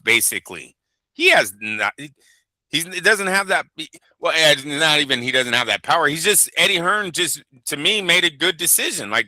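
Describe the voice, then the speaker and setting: A man's voice: a little high, pushed and bright, dry recording. A man co-hosting a boxing talk show, chatting casually and profanely, rambling through stories and acting out quotes. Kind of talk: casual podcast chat.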